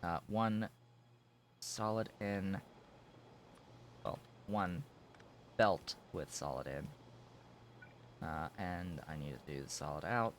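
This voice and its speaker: Male game streamer, low and slow, voice going hoarse, talks himself through his build, light ambient noise. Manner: mumbling to himself while building. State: losing his voice. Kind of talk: casual gameplay commentary.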